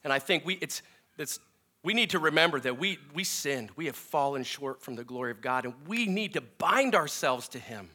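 Pastor guy preaching, earnest and emphatic, bright voice, kinda high. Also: animated, moderate pace. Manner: earnest, emphatic preaching with frequent restarts and wide swings in loudness. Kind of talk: sermon.

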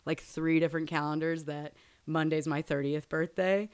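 A woman's voice: low voice, steady tone, moderate pace, darkish tone, slight background noise. A woman in her late twenties co-hosting a podcast, chatty and self-deprecating. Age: 20s. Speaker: podcast co-host. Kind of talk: casual chat.

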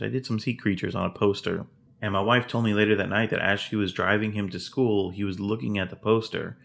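Man, middle-aged, solo podcast host, low gravelly voice, heartfelt, rambling. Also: fairly bright tone, slight background noise. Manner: earnest, heartfelt, rambling with restarts.

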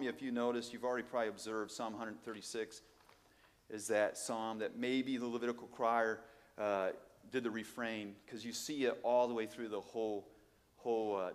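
Animated male preacher. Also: big-room sound. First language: Portuguese. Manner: animated, emphatic, swings from low asides to loud exclamations, rhetorical questions. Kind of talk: sermon.

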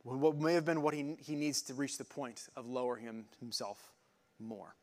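A man preaching an informal sermon, explaining Bible words in a halting, conversational way with many fillers and restarts. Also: medium pitch, fairly even intonation, darkish tone. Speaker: pastor.

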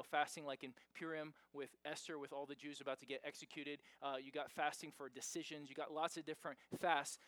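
In a slightly high voice, a pastor delivers his sermon conversationally, hammering key points with emphatic, loud stresses. The recording is dry.

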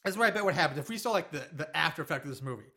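Male podcast host, bright and a bit high, rambling profane recapper. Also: lively intonation, very fast, slightly rough. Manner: rambling, profane, jokey storytelling. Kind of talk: casual movie recap chat.

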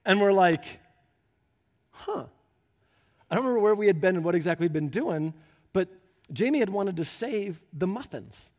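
A man with a notably high voice preaches from the pulpit of a church. He moves from relaxed storytelling to fervent, urgent exhortation. His words ring out with a long hall reverb around them. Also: a little fast, highs cut off. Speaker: pastor. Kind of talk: sermon.

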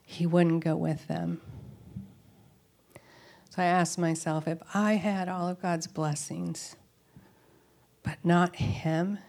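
A woman giving an informal Bible teaching to a group, talking in an earnest, reflective, conversational way. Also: on the low side. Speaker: Bible study speaker. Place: room with tables of women listeners.

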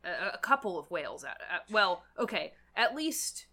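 Bright-voiced woman co-host, halting recaps. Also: mid-range voice, sing-song. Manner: hesitant, many fillers while recapping. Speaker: podcast co-host discussing a novel. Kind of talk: casual book discussion.

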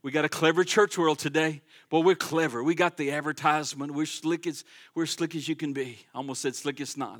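A fervent male pastor preaches to his congregation in a church sanctuary. His voice sits high and bright, with a bright, ringing tone. He swings from loud, emphatic proclamations to hushed, conversational asides. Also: normal speed. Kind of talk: sermon.

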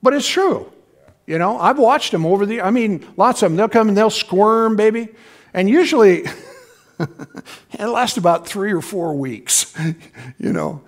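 A man's voice: sits high, lively intonation, measured pace, long pauses. A middle-aged male pastor giving a sermon in a church, talking in a conversational way, often asking the congregation questions and chuckling. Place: church sanctuary.

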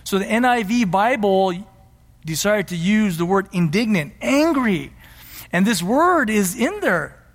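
Man, pastor, sermon, earnest and emphatic, high-pitched, church hall echo. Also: very animated, unhurried. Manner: earnest teaching, rising to emphatic passion. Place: church sanctuary. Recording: long hall reverb.

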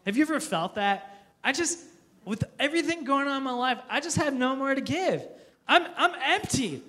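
A man's voice: very high voice, lively intonation, moderate pace, sharp tone. A man preaching a sermon as pastor, earnest and repetitive, often restarting his phrases with small stammers.

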